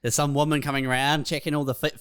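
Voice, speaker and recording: A man co-hosting a comedy podcast who asks calm, probing questions and adds wry, dry jokes. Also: fairly high pitch, fast talker, clear, resonant tone. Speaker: podcast co-host.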